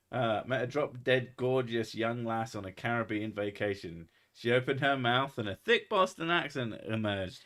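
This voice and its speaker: Bright-voiced sweary man chatting. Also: medium pitch, a little slow. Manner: sweary, animated storytelling. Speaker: podcast host. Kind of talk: casual chat.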